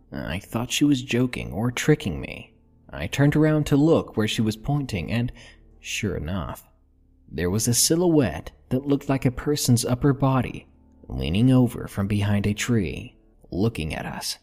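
A man narrating a horror story in a slow, measured, hushed way. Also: lowish voice, very animated, soft background music.

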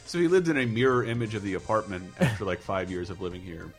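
A man's voice: on the low side, quick pace, soft background music. A man in casual chat, making dry, wry remarks.

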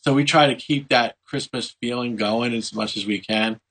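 A man's voice: medium pitch, moderate pace, fairly bright tone, slightly rough. A man hosting a casual chat, easygoing, with small restarts.

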